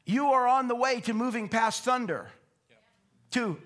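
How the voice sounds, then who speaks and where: High-voiced man teaching a sermon. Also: a little slow, fairly bright tone. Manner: conversational, repeats words, asks rhetorical questions. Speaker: pastor.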